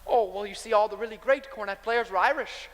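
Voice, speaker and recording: A man playing a slick, smooth-talking traveling salesman in a stage musical, glib and persuasive. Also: sits high, a little fast, a bit bright. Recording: stage with long hall reverb, faint noise.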